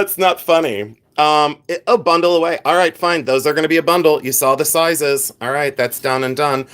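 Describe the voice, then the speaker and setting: A man's voice: a little high, normal speed, hardly any pauses, a bit bright, clear, resonant tone. A man hosting a live vintage jewelry sale, chatting casually and rambling as he answers viewers by name, joking at his own expense. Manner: self-mocking with bursts of playful laughter. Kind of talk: casual livestream selling chat.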